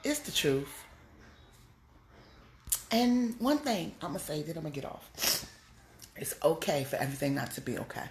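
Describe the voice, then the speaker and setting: A woman comedian giving a blunt, scolding motivational talk, pushing her voice up high to drive points home. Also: big pitch swings, unhurried, long pauses, echoey room, background noise. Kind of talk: preachy motivational monologue.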